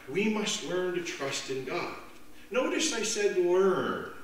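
A pastor delivering a sermon in a slow, unhurried way, his voice swinging from high to low as he leans into each point. He is heard from a distance across a church sanctuary that rings with echo. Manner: slow, dramatic delivery with lively voiced jokes. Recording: echoey church from far off.

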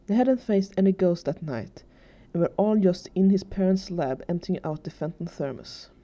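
Low, mellow woman reading a story. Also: moderate pace, highs cut off. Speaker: fanfiction reader.

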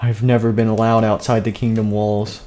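A man's voice: on the low side, level tone, a little fast, warm tone, a little hiss or hum, lightly acted. A man voicing a naive, sheltered young animatronic boy who gasps at everything, in a game role-play. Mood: amazed. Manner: gasping, wide-eyed, eager.

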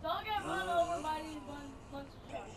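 A woman's voice: high-pitched, moderate pace, vocal fry, a crowd in the background. A young woman chatting casually while her friend plays a game, teasing and giggling. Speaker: co-player. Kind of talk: casual chat over gameplay.

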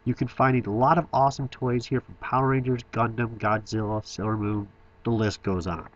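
A man narrates a toy shop review in a middle-pitched voice, enthusiastic and touched with dry humor. The recording sounds slightly dull and lo-fi. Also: steady tone, normal speed. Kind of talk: scripted voice-over narration.

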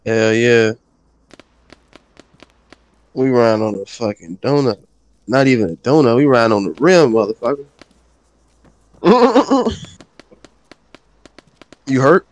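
A man's voice: mid-range voice, moderate pace, pauses often, no room sound. Laid-back swearing young-sounding gamer guy. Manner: laid-back, swears a lot, laughs often. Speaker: gamer playing with a friend. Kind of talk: casual profane gaming chat.

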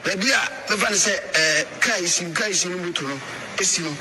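A man's voice: sits high, a little fast. A man with a Ghanaian accent, a pastor, animatedly recounting an event and acting out the scenes. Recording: noisy recording.

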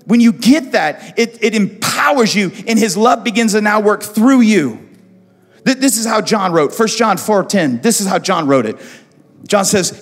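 A male pastor preaching a sermon with passion, repeating phrases, swinging from hushed tones to loud. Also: high-pitched, animated, moderate pace. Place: church hall. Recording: church hall with long reverb, soft music.

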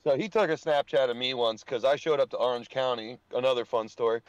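Brief: young male podcast guest, loose storyteller who swears and laughs, mid-pitched voice. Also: fast talker, dry recording, muffled recording. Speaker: podcast guest, dirt track racer. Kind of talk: casual podcast chat.

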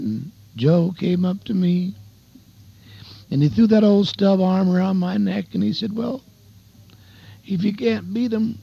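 A man's voice: a little high, vocal fry. An older man and evangelist preaching a folksy radio sermon, telling a testimony story and calling his listeners beloved and dear friends. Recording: dull lo-fi radio broadcast.

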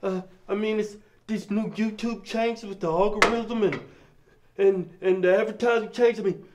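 A man's voice: high voice, steady tone, normal speed, natural voice. A man playing a pathetic husband pleading for his sick wife in a comedy sketch, breaking into laughter again and again. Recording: noisy set recording.

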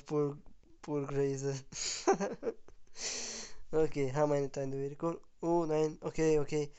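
A man giving casual gameplay commentary on his channel, excitable and chuckling, with loose phrasing and a sick voice. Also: fairly high pitch, slow pace, clear, resonant tone, muffled recording. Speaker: gaming YouTuber.

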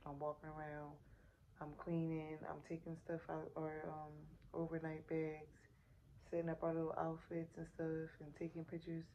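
Tired, low-voiced woman vlogger with AAVE. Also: normal speed, muffled recording, a little hiss or hum. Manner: animated retelling, acts out quotes, addresses viewers as y'all. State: exhausted and sore after giving birth. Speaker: family vlogger. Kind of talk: casual storytelling vlog. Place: hospital room.

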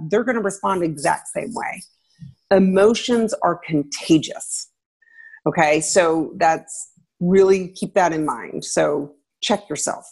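A middle-aged woman, a former teacher, giving parenting advice in a relaxed interview, lively and acting out parents and children as she talks. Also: medium pitch, measured pace. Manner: animated, acts out parents and kids in a raised voice.

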